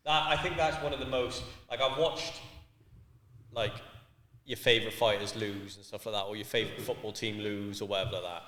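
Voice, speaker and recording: A man from Wales co-hosting a casual podcast, telling sweary, animated stories. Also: on the low side, brisk, a little hiss or hum. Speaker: podcast co-host. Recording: echoey room with long reverb.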